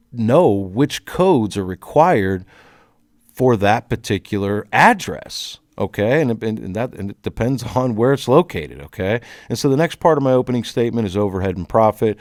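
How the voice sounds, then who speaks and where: Low-voiced man teaching estimates, dry sound. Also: darkish tone, no room sound. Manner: conversational, frequent "right?" tags, emphatic on key words. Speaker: insurance estimate trainer. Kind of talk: casual instructional walkthrough.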